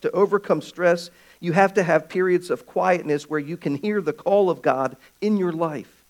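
A man preaching a sermon as pastor of his church, swinging from loud calls to hushed, quiet stretches. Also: on the high side, gravelly.

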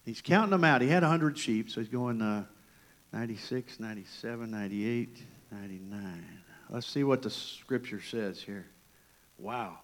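A man's voice: medium pitch, expressive, normal speed, a bit bright. Man preaching a sermon. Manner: storytelling, interactive with congregation. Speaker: pastor.

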